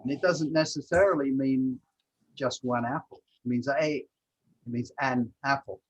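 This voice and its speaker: A man's voice: mid-range voice, fairly even intonation, normal speed, lo-fi sound, slight background noise. A man teaching a language lesson over a video call, patiently explaining grammar with examples.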